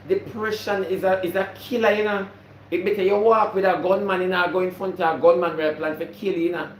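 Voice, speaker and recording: A man's voice: high voice, flat delivery, a little fast, reverberant, slight background noise. A Jamaican man hosting a casual live stream, preaching to viewers about responsibility and greeting them by name, repeating his points.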